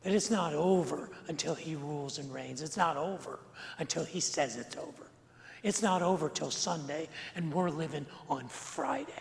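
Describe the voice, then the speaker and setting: A male pastor preaching an earnest sermon, slowing and swelling on key phrases and repeating words for emphasis. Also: fairly high pitch, gravelly. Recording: long church reverb.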